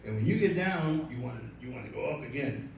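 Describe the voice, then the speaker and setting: A man's voice: mid-range voice, animated, quick pace, gravelly. A man telling a profane, rambling story on stage, joking with the crowd at a live storytelling event. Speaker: storyteller and show producer. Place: live event room with an audience. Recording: echoey room, mic at a distance.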